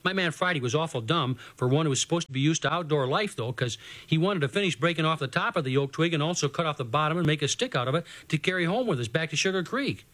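A man's voice: on the high side, expressive, fast talker, a bit bright. A man reading a children's adventure story aloud in a folksy first-person voice, as the show's storyteller.

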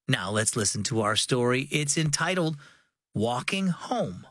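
A young man hosting a children's devotional program, giving friendly, clear scripted narration. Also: medium pitch, animated, measured pace, a bit bright, no room sound. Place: studio.

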